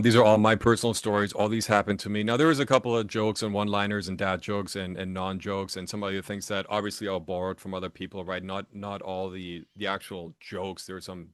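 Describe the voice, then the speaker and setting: An author guest with a fairly low voice sits for a casual storytelling interview in Las Vegas about his writing. He's animated, acting out quotes and restarting his phrases frequently. The sound is dry and close-miked.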